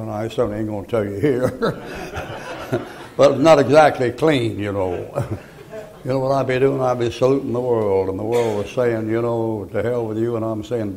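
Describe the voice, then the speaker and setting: An older male pastor with a drawl delivers a sermon in a gravelly, rough-edged voice. He spins homespun stories, then suddenly raises his voice to hammer a point home. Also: medium pitch, poor audio. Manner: folksy storytelling with sudden loud emphatic bursts.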